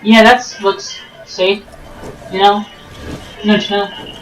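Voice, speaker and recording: A man's voice: high-pitched, little pitch movement, slow, a bit bright, reverberant, distant mic, faint music behind, rough recording. A man casually commenting on a video game as a let's play host, rambling and joking with goofy asides.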